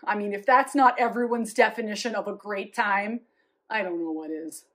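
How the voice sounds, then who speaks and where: A woman's voice: medium pitch, normal speed, natural voice. A woman in a comedy sketch playing a restless, upbeat worker who can't sit still, talking in a bubbly, peppy way. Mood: salesy. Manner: bubbly and peppy, jumping between ideas.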